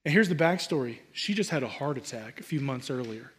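A male pastor preaching with a high, bright, forceful voice. His sermon is humorous and lively, jumping from loud, excited bursts down to quiet, hushed asides. He talks directly to the congregation the whole time. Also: brisk, hardly any pauses, breathy edge.

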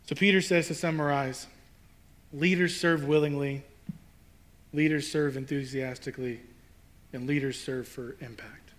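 A man's voice: mid-range voice, fairly even intonation, moderate pace, long pauses. A male pastor preaching a sermon in a conversational, emphatic way, building to rhetorical questions.

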